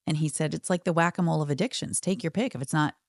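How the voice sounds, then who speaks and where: A woman's voice: low-pitched, quick pace, dry recording, studio quality. A middle-aged woman, a podcast guest, telling her story candidly and reflectively, acting out what friends and her therapist said.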